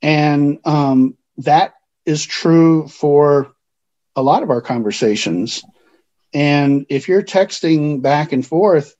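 A man with a mellow, slightly raised voice speaks as a counselor in a podcast interview. He explains things in a calm, measured way. The sound is a bit dull and lo-fi. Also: on the high side.

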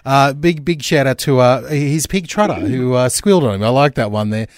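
A man's voice: medium pitch, animated, moderate pace, dry recording, clean studio sound. A man hosting a breakfast radio show, chatting playfully with callers, laughing often and tripping over his words. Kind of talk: casual radio chat.

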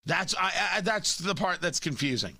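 A man's voice: on the high side, big pitch swings, normal speed, pushed and bright, husky, no room sound. A man hosting a talk radio show, blunt and combative, often stumbling into restarts.

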